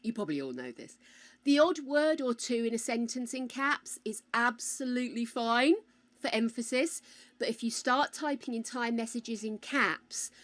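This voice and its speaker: A woman's voice: on the high side, expressive, normal speed. An older British woman streaming a game, chatting casually with her viewers, calling them darling and swearing freely. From United Kingdom. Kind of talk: casual live-stream chat.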